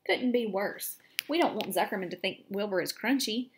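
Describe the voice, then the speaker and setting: A woman's voice: medium pitch, animated, moderate pace, slight background noise, lightly acted. A woman voicing a patient, wise female spider while reading a storybook aloud to children. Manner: patient, gently commanding. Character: calm, wise, kindly female barn spider.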